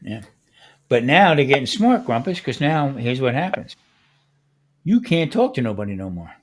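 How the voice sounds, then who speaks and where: Man spinning animated stories in chat. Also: medium pitch, moderate pace. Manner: animated storyteller who acts out the people he quotes. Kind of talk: casual podcast chat.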